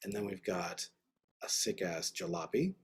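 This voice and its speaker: A man's voice: low-pitched, expressive, measured pace, slight background noise. A man teaching an online art class, giving enthusiastic, rambling, slangy feedback over a video call. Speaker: art instructor.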